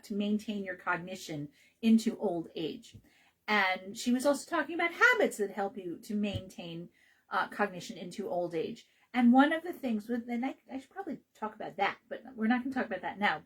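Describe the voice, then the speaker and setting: A woman's voice: a little high, breathy edge, rough recording. A woman hosting a health radio show, talking casually about naturopathic care in a chatty, rambling way with many fillers and restarts.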